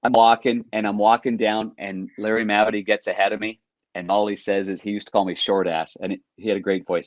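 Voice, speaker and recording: A middle-aged man, a former hockey goalie, telling lively anecdotes on a podcast and acting out quotes. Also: lowish voice, a little fast, no room sound, muffled recording. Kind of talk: casual storytelling.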